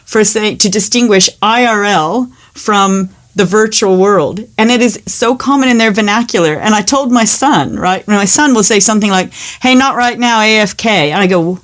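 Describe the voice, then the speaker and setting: A woman's voice: mid-range voice, normal speed, hardly any pauses. A woman, a podcast co-host chatting casually and acting out the dialogue in her stories. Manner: animated storyteller, acts out quoted dialogue. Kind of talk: casual chat.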